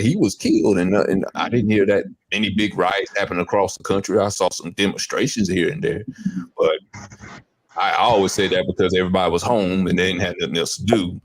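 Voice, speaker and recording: A man hosting a show, casually talking through a clip he just played, rambling and reflective. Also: deep voice. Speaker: host.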